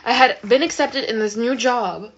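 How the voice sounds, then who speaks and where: A woman with a fairly high voice vents in a casual vlog, swearing freely and hammering her points. Her delivery rambles and restarts. The recording sounds dull and lo-fi. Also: normal speed, a bit bright. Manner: emphatic, profane, rambling. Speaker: manifestation vlogger.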